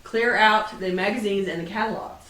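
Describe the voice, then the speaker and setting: A Texan woman with a cold, working as a professional organizer, gives a casual, chatty talk to a meetup group in a meeting room, constantly asking the audience "right?" Her mid-range voice is steady, pushed and bright at a normal pace, recorded from a distance in an echoey room.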